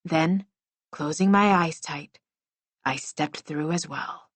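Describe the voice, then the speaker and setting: A woman's voice: deep voice, slow pace, no echo. A woman reading a first-person middle-grade novel aloud as an audiobook narrator, telling it expressively.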